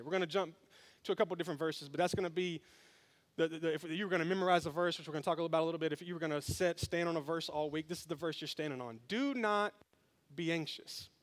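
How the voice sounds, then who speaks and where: A man preaching a sermon as pastor, telling a story with humor and speaking straight to his congregation. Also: fairly high pitch. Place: church sanctuary.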